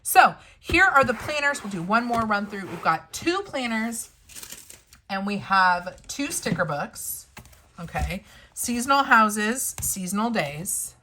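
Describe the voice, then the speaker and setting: Bright, upbeat woman planner vlogger. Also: medium pitch, lively intonation, slow pace, slight background noise. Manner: upbeat, chatty, talks to viewers as friends. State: losing her voice. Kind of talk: casual product review.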